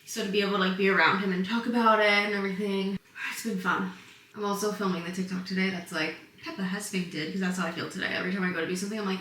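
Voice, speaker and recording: A bright-voiced young woman chats through a home vlog, giggling as she tells stories. She sounds tired and a little short of breath. Her voice carries room echo from a camera placed a bit away. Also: medium pitch, fairly even intonation, very fast, a little hiss or hum. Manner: chatty, bubbly, giggly storytelling. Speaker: vlogger. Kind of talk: casual pregnancy vlog chat. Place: home, indoors. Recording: echoey room, mic a bit far.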